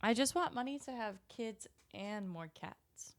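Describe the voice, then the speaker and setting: A woman's voice: a little high, lively intonation, unhurried, dry recording. A woman co-hosting a casual podcast chat, candid and laughing, with casual swearing. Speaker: podcast co-host.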